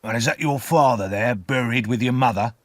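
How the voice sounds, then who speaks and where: A harsh, growling escaped convict, voiced by a man reading the story. The voice barks threats and blunt questions with a rough edge, and the sound is dry and close to the mic. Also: medium pitch, brisk, no echo, close to an everyday voice. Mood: gruff questioning.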